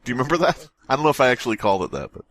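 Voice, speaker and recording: A man co-hosting a comedy horror podcast, reading stories aloud and breaking off into jokey, profane asides. His pitch swings a lot as he talks. The sound is dry and close. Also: big pitch swings, very fast, a bit bright, no room sound. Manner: jokey, laughing, swearing asides. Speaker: podcast co-host. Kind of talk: casual comedic story reading.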